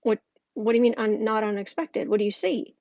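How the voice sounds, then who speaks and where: A woman with a fairly high, dark-toned voice talks a little fast while hosting a live political tarot stream from home. She is chatty and casual, full of fillers and restarts. Her camera mic gives a dry, muffled sound.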